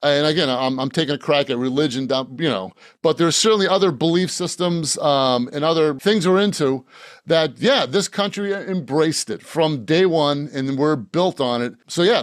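An author from Boston, Massachusetts, rambles through a casual podcast interview as a guest, restarting often and laughing frequently. His voice is fairly high-pitched, and the studio-quality recording has no echo.

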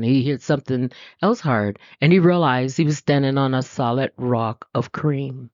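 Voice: medium pitch, darkish tone, dry recording. A preacher giving a sermon in a conversational storytelling style, asking the listeners questions. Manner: conversational, asks the listeners questions, laughs easily. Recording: dull lo-fi dry recording.

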